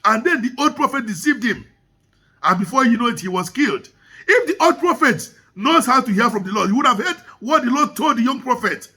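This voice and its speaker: A man's voice: very high voice, bright, forceful tone, slightly rough. A man preaching a sermon in church, emphatic and repeating his key lines.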